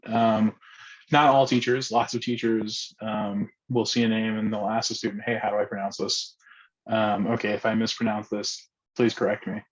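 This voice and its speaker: A man's voice: fairly low pitch, little pitch movement, moderate pace, muffled recording. A man leading a casual group discussion, talking hesitantly with many fillers and restarts. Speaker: discussion facilitator.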